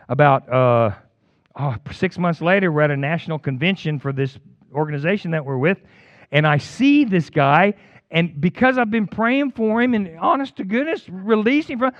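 A man preaching a sermon, casual and animated, swinging from quiet, low talk to loud, excited outbursts. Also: dry recording, dull audio. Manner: casual, says "man" and "goofball". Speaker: pastor.

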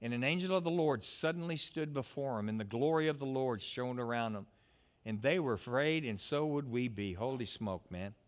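Male pastor, lively sermon delivery with a swooping pitch and frequent restarts. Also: normal speed. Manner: animated preaching with stammered restarts.

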